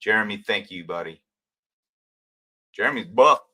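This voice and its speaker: A man's voice: lowish voice, expressive, normal speed. Emotional older man ranting on a livestream. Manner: emotional, ranting, rambling, swings between loud and quiet. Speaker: livestream host, former police detective. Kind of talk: livestream rant answering viewer comments.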